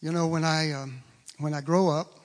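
A man's voice: a little high, fairly even intonation, normal speed. A man preaching a sermon, emphatic and fond of repeating phrases for stress. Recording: long reverb of a large hall.

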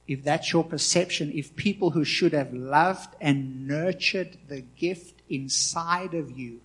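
Husky man in his forties preaching. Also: a little high. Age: 40s. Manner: impassioned preaching with swings from loud to quiet. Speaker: pastor. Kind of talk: sermon.

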